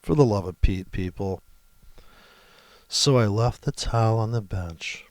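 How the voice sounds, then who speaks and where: Brief: low, gravelly man walking through a chart platform, offhand and mocking. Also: measured pace, no room sound. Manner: rambling, sarcastic, crude asides. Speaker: forex trading presenter. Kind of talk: casual screen-share tutorial with mocking commentary.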